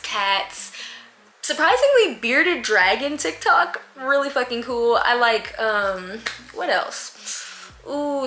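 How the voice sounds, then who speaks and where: Bright and forceful, her mid-range voice fills an echoey room at home where a fan runs. She's a young woman vlogging, answering viewer questions in a candid, chatty style with slang and laughs.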